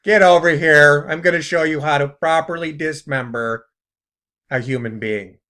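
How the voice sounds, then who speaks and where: A man voicing a bossy male demon instructor with a Chicago accent, loudly barking orders at a trainee. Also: on the high side, moderate pace. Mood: scolding.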